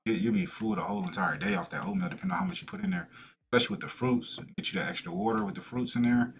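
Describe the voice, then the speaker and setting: A man's voice: fairly low pitch, sing-song, very fast, vocal fry, a little hiss or hum. A young man hosting a reaction video, chatting in a laid-back way and laughing often. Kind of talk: casual reaction commentary.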